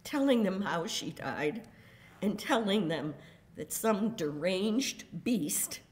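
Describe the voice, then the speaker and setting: An older woman reading a prepared statement in a courtroom, grave and deliberate, with measured emphasis on each word. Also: mid-range voice, lively intonation, a little mellow. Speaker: victim's daughter giving a statement.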